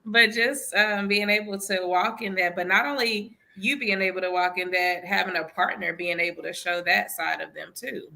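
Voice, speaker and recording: Casting: woman panelist, sharp bright voice with vocal fry, a bit hesitant. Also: mid-range voice, moderate pace, hardly any pauses. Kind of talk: casual panel discussion on a live stream.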